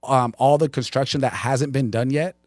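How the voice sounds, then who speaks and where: A man co-hosting a casual live chat show, his voice at a middle pitch and sitting close and dry in the room. He tells stories with lively energy and quotes what people told him. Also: moderate pace, no echo. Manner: animated storyteller, quotes others. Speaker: co-host.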